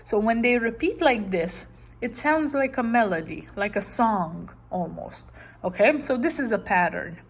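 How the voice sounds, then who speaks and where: A woman's voice: on the high side, lively intonation, unhurried, husky. A woman teaching a lesson, patiently repeating words and checking in with her listeners. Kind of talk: classroom lesson, explaining slowly.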